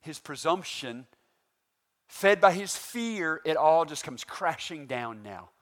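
A man preaching a sermon, animated and full of rhetorical questions to the congregation. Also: a little high, slow. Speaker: pastor.

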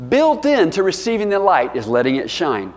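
A man's voice: high-pitched, wildly swooping pitch, moderate pace. A man pastor preaching a sermon, telling folksy stories and acting out playful bits of dialogue. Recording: long hall reverb.

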